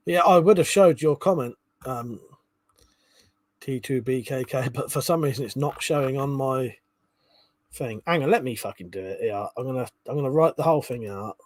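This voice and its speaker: Here a man hosting a laid-back stream works through the chat aloud, laughing and dropping swear words as he goes. His pitch is medium, his speed normal, and the audio carries no room sound.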